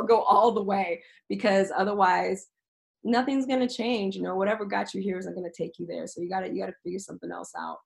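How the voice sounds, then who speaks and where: Brief: candid woman guest, mid-pitched voice, earnest and frank, casual swearing, easy laughs. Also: creaky, low-quality recording. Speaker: teacher, podcast guest. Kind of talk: casual, candid interview talk.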